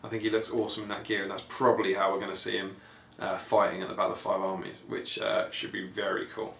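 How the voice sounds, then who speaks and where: A man's voice: sits low, completely flat delivery, quick pace, vocal fry, fairly bright tone. A man hosting a podcast, giving casual, rambling and enthusiastic commentary full of ums. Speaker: podcast host. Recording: echoey room, faint background noise.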